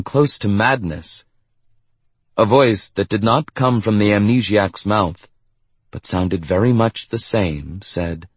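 Brief: male audiobook narrator, low and husky, measured delivery, dry close mic. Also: no echo. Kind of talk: scripted narration.

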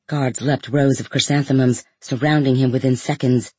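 A man reading a first-person story aloud in a measured, even way. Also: medium pitch, breathy edge, no room sound. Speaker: audiobook narrator.

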